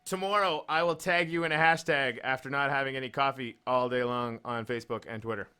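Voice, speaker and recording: A man's voice: medium pitch, steady tone, brisk, sharp tone, clean tone. A man hosting a podcast, chatting casually, laughing often and stumbling over his words. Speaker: podcast host. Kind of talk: casual chat.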